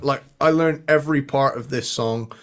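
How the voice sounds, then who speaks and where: A man co-hosts a podcast in a casual, enthusiastic chat, humming guitar riffs and swearing freely. He speaks at a normal speed with a medium-pitched voice.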